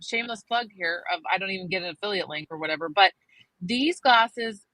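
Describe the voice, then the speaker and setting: A woman co-hosting a casual podcast, telling family stories with frequent laughs. Her voice is bright and forceful, recorded close and dry, with no room sound around it. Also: medium pitch, a little fast, dry recording, poor audio. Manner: chatty storyteller, laughs often. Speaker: podcast co-host. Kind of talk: casual chat.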